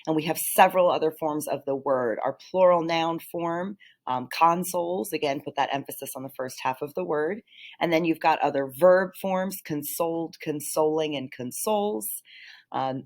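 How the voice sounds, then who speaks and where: A woman teacher walking students through vocabulary slides, explaining patiently with frequent fillers and throat clearing. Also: low voice. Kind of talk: vocabulary lesson over slides.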